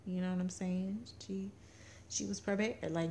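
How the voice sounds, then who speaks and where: A young woman co-hosts a casual chat show podcast, telling family stories in a chatty manner and laughing often. Her medium-pitched voice is steady and dark in tone, her pace measured, and there's slight background noise.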